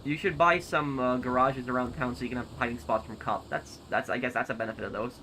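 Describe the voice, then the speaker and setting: A man's voice: medium pitch, fairly even intonation, fast talker, bright, forceful tone, a little hiss or hum. A young American man streaming a game live, reading chat and thinking aloud with hesitant, repeated starts. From United States.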